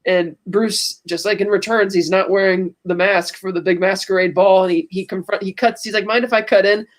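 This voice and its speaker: A man's voice: high-pitched, steady tone, fairly quick. A man co-hosting a podcast, chatting casually as he retells movie scenes and quotes their lines. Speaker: podcast co-host. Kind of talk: casual movie recap chat.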